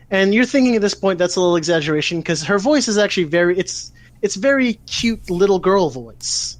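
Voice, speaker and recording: A man's voice: sits high, animated, normal speed, hardly any pauses, no echo. A man co-hosting a casual podcast, animatedly retelling a story with frequent swearing. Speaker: podcast co-host. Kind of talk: casual chat, retelling an anime plot.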